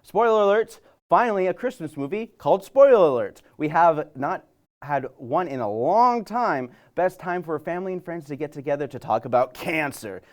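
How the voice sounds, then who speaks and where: A man's voice: fairly high pitch, expressive, normal speed. A man hosting a comedic movie preview segment, talking in a sarcastic, rambling way with many fillers. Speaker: host.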